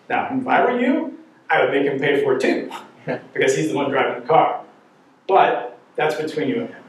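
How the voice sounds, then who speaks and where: A man's voice: mid-range voice, big pitch swings, moderate pace. A middle-aged man teaching a church parenting class, telling joking stories and asking the audience questions. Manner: jokey, anecdotal, asks the audience questions. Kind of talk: humorous storytelling talk to a class. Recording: very echoey room, voice from far off.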